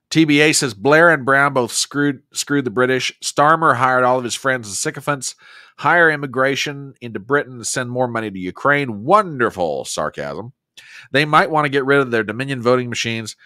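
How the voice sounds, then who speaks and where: A man's voice: medium pitch, moderate pace, bright, forceful tone, no echo, studio quality. An American man hosting a casual livestream, effusive and reading viewer comments aloud. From United States. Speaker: livestream host.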